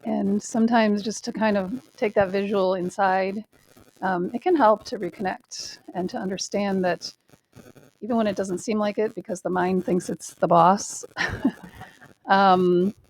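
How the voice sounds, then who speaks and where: A woman from the congregation sharing a calm, thoughtful reflection. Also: mid-range voice, unhurried, poor audio.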